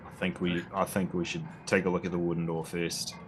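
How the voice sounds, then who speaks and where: A man's voice: deep voice, little pitch movement, fairly quick, slight background noise, poor audio. A man playing a tabletop game, laid-back and jokey. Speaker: player. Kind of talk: casual tabletop game chat.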